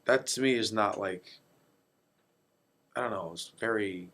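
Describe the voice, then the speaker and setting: A man who manages his family's restaurant, telling stories casually in an interview, relaxed and heavy on fillers. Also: on the low side, measured pace.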